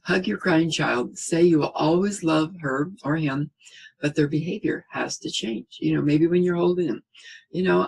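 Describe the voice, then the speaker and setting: A middle-aged man giving a spoken parenting lesson in a calm, reassuring way, often checking in with "okay?" and acting out what a parent would say. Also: on the high side, moderate pace, vocal fry, husky, low-quality recording. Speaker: parenting teacher.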